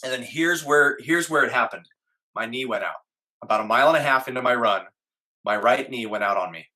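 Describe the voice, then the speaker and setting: Recounting a tough personal experience, the middle-aged interviewee performs his own inner voice from that moment with real earnestness. His mid-range voice sounds bright and a bit tense, and his delivery is animated and brisk.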